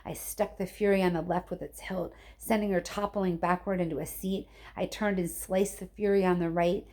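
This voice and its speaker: A woman teacher reading a chapter of a novel aloud to her students, expressive and chatty with her listeners. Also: lowish voice, moderate pace.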